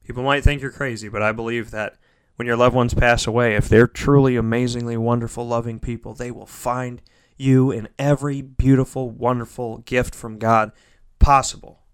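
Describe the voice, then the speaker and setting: A man giving a heartfelt motivational monologue. He repeats phrases for emphasis and swings between loud, pushing lines and soft, near-whispered ones. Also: medium pitch, level tone, moderate pace, clear, resonant tone.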